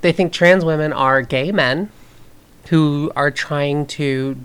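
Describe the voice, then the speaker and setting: A woman's voice: sits low, slow, smooth. A woman from the southern United States co-hosting a podcast, explaining things earnestly in a casual chat. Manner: earnest, explanatory, with many fillers and restarts. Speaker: podcast co-host.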